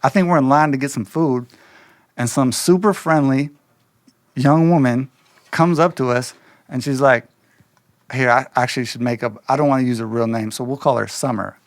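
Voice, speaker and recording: A man's voice: medium pitch, moderate pace, dry recording. Slangy Midwestern man telling a story. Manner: loose, slangy, animated retelling with quoted voices. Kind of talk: casual spoken storytelling.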